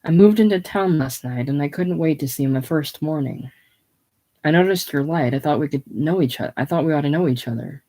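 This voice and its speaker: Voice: medium pitch, brisk, mellow, close to an everyday voice. A reader voicing Gus, an earnest, apologetic Austrian mechanic with a slight German accent, polite and eager to be welcomed. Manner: polite, eager, self-effacing.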